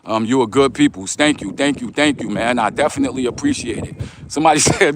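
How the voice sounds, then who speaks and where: A middle-aged man with a New York accent talks casually into a phone as he walks down a street outdoors. He reads viewer comments aloud and answers them in relaxed, streetwise slang, in a voice of ordinary middle pitch. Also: fast talker, slight background noise. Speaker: vlogger reading live chat. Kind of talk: casual livestream chat while walking.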